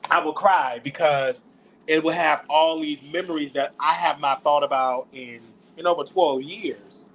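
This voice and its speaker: Man, show host, high voice, bright tone, casual livestream chat, excitable, reminiscing. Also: unhurried.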